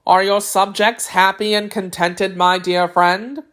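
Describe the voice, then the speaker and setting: A woman voicing a kindly, dignified tin man emperor in a storybook reading, with warm, courtly speech. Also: mid-range voice, steady tone, measured pace, lightly acted.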